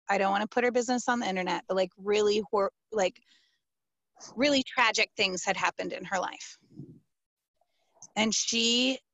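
A woman pastor answering interview questions, telling a story in an animated, emphatic, casual way with many fillers. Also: medium pitch, dry recording.

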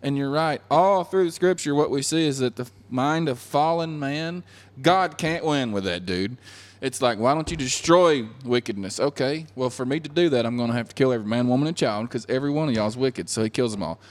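Lively man talking faith. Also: medium pitch, brisk, hardly any pauses. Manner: animated, laughs often, acts out quotes. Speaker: podcast co-host. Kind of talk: casual religious discussion.

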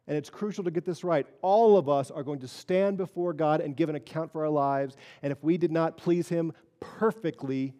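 A man's voice: a little high, in a large hall. Earnest man preaching a sermon. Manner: earnest, swings between quiet solemn and emphatic. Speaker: pastor.

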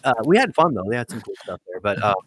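A man's voice: on the low side, sing-song, quick pace, fairly bright tone, husky. Profane, rambling male storyteller. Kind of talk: casual chat.

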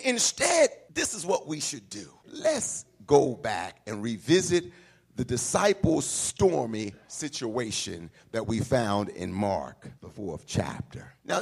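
A pastor preaching a sermon, shifting from quiet talk to shouted, sing-song peaks. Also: male voice, medium pitch, gravelly, husky.

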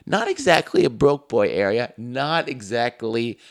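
A young man telling stories on a casual podcast, his voice swinging widely as he acts out the people in them. He swears freely and keeps an average pitch. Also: a little slow, creaky. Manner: profane, animated storyteller acting out quotes. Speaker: podcast co-host. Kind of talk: casual storytelling chat.

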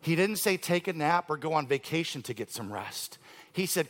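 A man in his forties, a pastor preaching a sermon emphatically, swinging from loud declarations to hushed tones, with conversational asides and dry humor. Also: on the high side, lively intonation, moderate pace.

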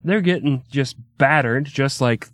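A man's voice: medium pitch, a little slow, fairly bright tone, no echo. A man hosting a podcast, narrating history in an irreverent comedic way with crude joking asides. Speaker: podcast host.

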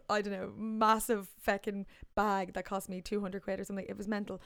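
A young Irish woman in her twenties telling stories in a casual chat, lively, with bits of acted dialogue. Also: mid-range voice, fast talker, hardly any pauses, no echo. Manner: animated storyteller, slips into whispers and put-on voices. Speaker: guest.

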